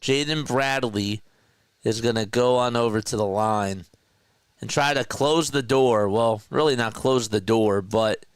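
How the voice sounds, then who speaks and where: A man's voice: mid-range voice, measured pace, clean tone, dry recording. A young man from South Jersey with a South Jersey accent, calling live basketball play-by-play in a chatty way, laughing at his own asides. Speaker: play-by-play commentator.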